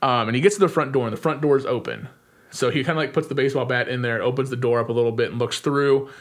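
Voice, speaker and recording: A young adult man co-hosting a podcast, retelling a film's plot in casual chat, full of "like" fillers and quick acted-out lines. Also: mid-range voice, fairly even intonation. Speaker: podcast co-host. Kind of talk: casual movie recap.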